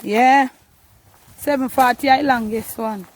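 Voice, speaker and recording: Jamaican woman vlogger, high-voiced, casual Patois narration, faint noise behind. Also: steady tone, slow pace. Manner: chatty, coaxing, in Jamaican Patois.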